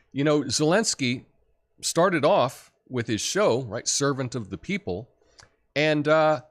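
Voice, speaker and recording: A man's voice: a little high, a bit bright. A middle-aged man hosting a solo political commentary show, talking in a chatty, opinionated way with many fillers and little chuckles.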